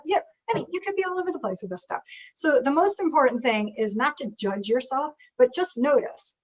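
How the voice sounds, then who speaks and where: A woman leading a live group workshop as a leadership coach, talking in an animated way and acting out inner voices. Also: high-pitched, fairly quick, dull audio.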